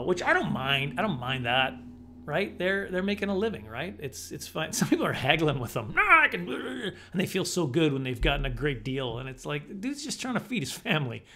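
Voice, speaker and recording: A middle-aged man doing stand-up comedy, telling stories in an animated, self-deprecating way. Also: medium pitch, a little hiss or hum.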